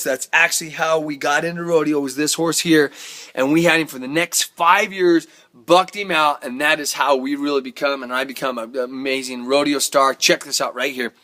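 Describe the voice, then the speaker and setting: A man, a rodeo cowboy, telling a ranch story in a folksy, animated, self-amused way. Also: on the high side. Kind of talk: casual spoken storytelling.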